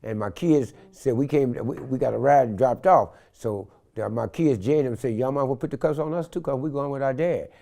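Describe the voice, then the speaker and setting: An older man from San Francisco recounts his past in an interview. He talks in street slang and acts out what people said with sudden loud bursts. His voice sits at an ordinary middle pitch. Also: brisk, gravelly, few pauses. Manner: animated, acts out quotes loudly, street slang. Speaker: interview guest. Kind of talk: storytelling in an interview.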